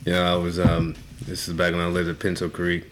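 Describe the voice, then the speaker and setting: Low-voiced man telling a laid-back story. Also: completely flat delivery, brisk, noisy background. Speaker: podcast co-host. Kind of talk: casual storytelling.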